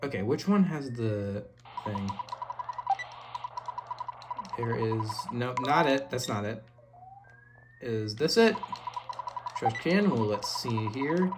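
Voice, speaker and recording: A woman's voice: extremely low pitch, expressive, slow, long pauses, background noise. A woman giving casual let's play commentary, chatting and reacting to the game as she plays. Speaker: gaming channel host. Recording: game music playing underneath.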